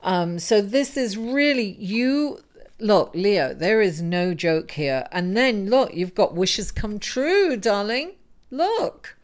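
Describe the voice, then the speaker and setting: A woman's voice: medium pitch, animated, takes it slowly. A woman giving a weekly tarot reading to camera, encouraging and musing, who keeps calling the listener darling. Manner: musing, thinking aloud with fillers and restarts. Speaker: tarot reader.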